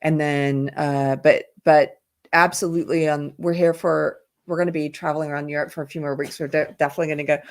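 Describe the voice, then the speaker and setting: A woman's voice: deep voice, level tone, brisk. A woman hosting a casual livestream, chatting in a rambling way and reading viewer comments aloud. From South Carolina, USA. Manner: chatty, rambling, laughs often. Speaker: livestream host. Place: indoors while traveling. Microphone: headphones in, computer mic.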